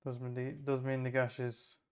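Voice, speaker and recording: A man's voice: medium pitch, little pitch movement, normal speed, a little mellow. A man playing a tabletop wargame, thinking aloud as he moves models, measures ranges and rolls dice in casual play commentary.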